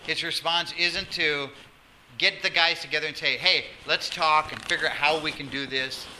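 A man preaching a sermon as pastor, animated, acting out quotes and dropping to a soft voice for emphasis. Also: fairly high pitch. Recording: noisy sermon recording.

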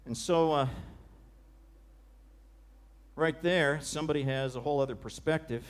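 A male preacher giving a sermon, retelling a scene with dramatic, vivid storytelling that often drops to a hush. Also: a little high, moderate pace.

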